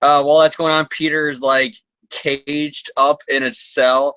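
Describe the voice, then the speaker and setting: A man's voice: fairly high pitch, level tone, measured pace, pushed and bright, smooth, no room sound, highs cut off. A man hosting a casual comedy podcast, recapping a comic in a rambling, sarcastic, profane way.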